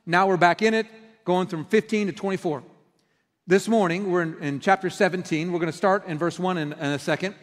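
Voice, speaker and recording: A middle-aged pastor giving a conversational sermon, telling stories and acting out quoted outbursts. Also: male voice, high-pitched, fairly even intonation, fairly quick. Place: church sanctuary. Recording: long hall reverb.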